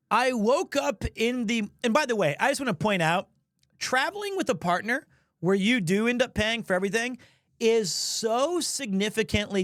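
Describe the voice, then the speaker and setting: A man's voice: extremely high pitch, a bit bright, dry recording, studio quality. A man streaming, telling a funny story in a rambling, self-mocking way. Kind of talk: casual storytelling.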